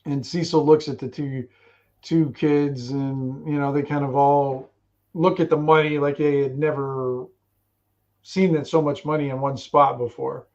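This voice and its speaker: A man narrating as game master of a tabletop game in a relaxed, rambling way. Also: medium pitch, unhurried, highs cut off.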